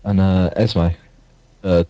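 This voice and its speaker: A man's voice: sits low, flat delivery, takes it slowly. Rambling young man, muffled lo-fi sound. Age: young adult. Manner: rambling storytelling with many fillers and restarts. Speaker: podcast co-host. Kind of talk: casual chat.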